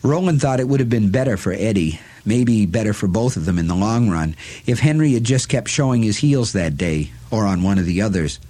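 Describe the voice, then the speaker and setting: Low-voiced male audiobook narrator. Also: animated, mellow. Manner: measured, deliberate storytelling.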